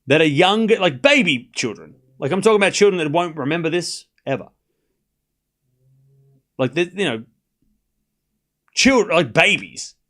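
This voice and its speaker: A man's voice: on the high side, a bit bright. A man hosting a live tennis watchalong, calling the score and chatting casually with his viewers. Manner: chatty, talks straight to his live chat, with quick asides and restarts.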